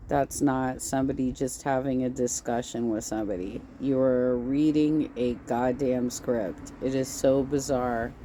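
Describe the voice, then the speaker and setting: A woman's voice: a bass voice, steady tone, measured pace, few pauses, warm tone, a little hiss or hum. A woman co-hosting a livestream, critiquing clips in an exasperated tone. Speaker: livestream co-host. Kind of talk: livestream reaction commentary.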